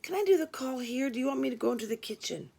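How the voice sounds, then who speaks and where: A jaded female phone worker, as a woman reader puts her on, talking in an offhand, businesslike manner. Her voice is a little high, with a gravelly fry under it. She sounds like a storybook figure who has seen it all. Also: lively intonation, quick pace, a little mellow, exaggerated voice.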